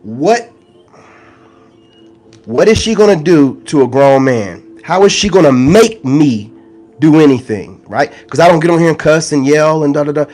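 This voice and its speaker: A man's voice: a little high, expressive, moderate pace, a little mellow, faint music behind. A man ranting straight to his viewers in a confrontational, slangy monologue, repeating his points as an online spiritual content creator. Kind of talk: ranting direct-to-camera monologue.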